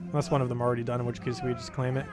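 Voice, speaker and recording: A man's voice: medium pitch, flat delivery, rapid-fire, music in the background. A young man live-streaming a game, giving casual, rambling commentary full of filler words.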